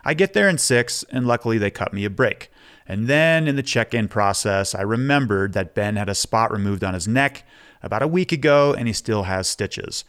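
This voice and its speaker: A man hosts a podcast in a candid, relaxed monologue. His voice sits a little low. He talks openly and casually, swearing now and then. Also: moderate pace. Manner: frank, casual, swears freely. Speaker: podcast host.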